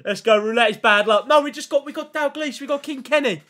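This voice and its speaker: A young man chatting casually to his viewers on a gaming livestream, excitable and slangy, thanking chat constantly and reacting loudly to pack openings. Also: very high-pitched, fast.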